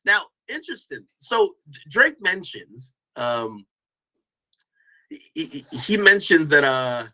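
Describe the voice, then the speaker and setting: A man's voice: on the high side, very animated, slow, pushed and bright, poor audio. A man hosting a casual commentary stream, talking loosely to his chat with lots of restarts and slang. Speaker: host reacting to a stream clip.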